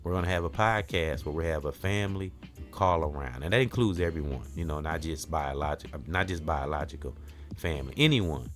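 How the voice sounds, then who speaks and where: A man's voice: a bass voice, fairly quick, faint music behind. A man hosting his own podcast, talking in a rambling, reflective way about gratitude and peace, often saying "you know". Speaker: podcast host. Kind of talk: casual spiritual talk.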